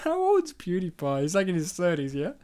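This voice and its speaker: A podcast co-host chatting casually with a friend. The voice is smooth and clear. The talk is full of jokes, teasing jabs and swearing. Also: mid-range voice, huge pitch swings, fairly quick, mellow. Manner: joking, profane, teasing. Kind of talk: casual chat.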